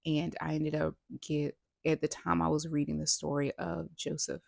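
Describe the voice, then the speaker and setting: A woman's voice: low-pitched, level tone, normal speed, vocal fry, no echo, clean studio sound. A woman vlogger casually retelling a personal story, quoting herself and others as she goes and often restarting her sentences mid-thought. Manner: retells events with many "I'm like" quotes.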